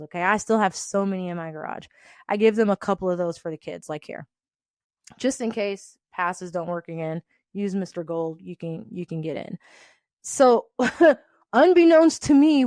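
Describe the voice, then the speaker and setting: A young adult woman hosting a podcast, telling a workplace story in an animated way and acting out the people in it. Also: mid-range voice, dry recording, studio quality. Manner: animated, quotes people in changing voices, laughs often. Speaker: podcast host. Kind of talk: storytelling rant.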